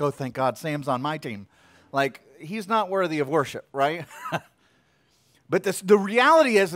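A young adult man preaching a sermon in a conversational way, repeating phrases and swinging between loud and hushed. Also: high voice, dry recording, clean studio sound. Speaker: pastor.

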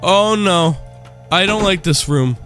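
A young man doing gameplay commentary for a horror game, jumpy and excitable, swearing a lot. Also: high voice, takes it slowly, faint music behind. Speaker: gaming YouTuber.

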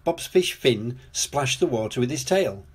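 An older man reads a children's storybook aloud, his voice a little husky and breathy. His pitch moves up and down freely as he tells the story in a gentle, lively way. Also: a little slow.

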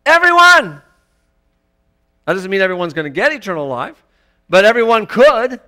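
A man preaching a sermon in a church, emphatic and rising to loud exclamations. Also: high voice, lively intonation, brisk. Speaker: pastor.

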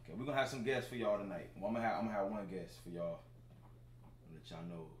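Man in his thirties, low voice, livestream host, casual chat to viewers, roomy sound, faint noise behind. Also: fast. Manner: laid-back, talks straight to chat viewers, lots of filler phrases.

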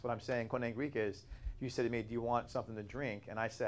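A man's voice: mid-range voice, fast talker. Emphatic man teaching a Bible class. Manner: explanatory, emphatic, answers questions.

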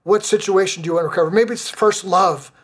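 A man's voice: high-pitched, brisk, slightly rough. A middle-aged male pastor delivers a sermon in a slightly raised voice. He moves between reading scripture aloud and urging his listeners on with earnest, repeated lines. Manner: earnest preaching with repeated emphatic refrains.

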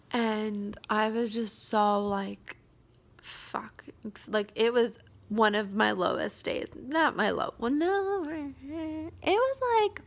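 A young woman vlogging in a quiet, hesitant way, tired and drained, with many fillers and sudden drops into a whisper. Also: a little high, gravelly. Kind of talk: confessional vlog.

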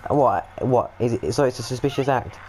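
A young British man doing excitable, swearing, joking commentary while playing a stealth game. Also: medium pitch, moderate pace, low-quality recording. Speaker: gaming video host. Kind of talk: let's-play commentary.

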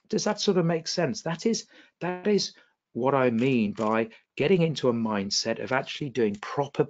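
Teaching an online exam revision webinar, this tutor stays animated and often checks with his class that the material makes sense. He speaks at a medium pitch, and the audio is dull.

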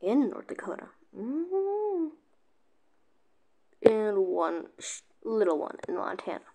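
A woman giving casual, excitable gameplay commentary, often breaking off mid-sentence to react. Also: mid-range voice, normal speed, vocal fry. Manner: excitable, keeps cutting herself off with "wait". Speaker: gaming video creator.

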